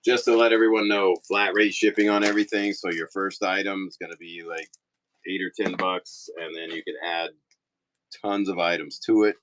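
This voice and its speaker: A man who owns a toy store, chatting casually through a live-stream auction, rambling with quick apologetic asides. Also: low voice, little pitch movement, fairly bright tone, slight background noise. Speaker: toy store owner running online auctions. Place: indoor shop room.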